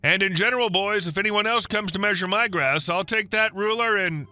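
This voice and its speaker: A man's voice: high voice, fairly quick, pushed and bright, no echo, faint music behind, voice pushed up. A man reading the lines of a blunt, crude-joking older woman neighbor in a storybook narration. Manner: blunt, bawdy.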